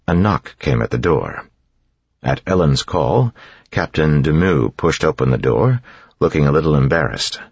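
A man narrating an audiobook with a steady, even reading. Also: extremely low pitch, measured pace, husky, no room sound, highs cut off.

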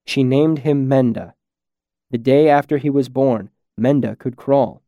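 Man narrating a fable, even and measured, mid-pitched, bone-dry close mic. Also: no room sound, lo-fi sound. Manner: measured, steady storytelling. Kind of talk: storybook narration.

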